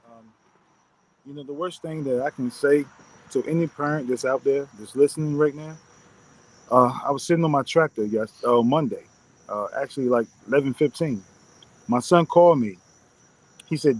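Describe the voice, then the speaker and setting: A distraught father, retelling events in an urgent, halting way over a phone call. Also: a little high, no echo. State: distraught, emotional. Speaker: interviewee, father of a victim.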